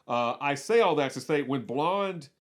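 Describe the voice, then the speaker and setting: A man's voice: fairly high pitch, expressive, a little slow. A man co-hosting a podcast, chatting casually about movies, restarting sentences and repeating words as he goes. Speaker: podcast co-host.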